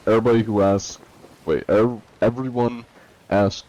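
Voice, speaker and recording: A man's voice: sits low, expressive, normal speed, a little mellow, breathy edge. A man streaming a game live, chatting casually, reading viewer messages aloud and laughing often.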